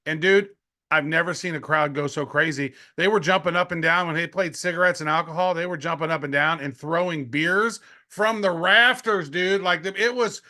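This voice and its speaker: A middle-aged man co-hosting a podcast, telling stories in an excitable, slangy way and laughing often. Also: a little high, normal speed. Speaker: podcast co-host. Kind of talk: casual podcast chat.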